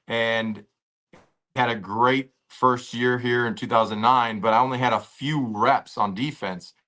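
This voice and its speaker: Guest, male: bright forceful tone, animated storyteller, relaxed slangy delivery from home. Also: fairly low pitch. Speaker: podcast guest, former pro football player. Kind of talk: casual interview storytelling. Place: at home with a dog nearby.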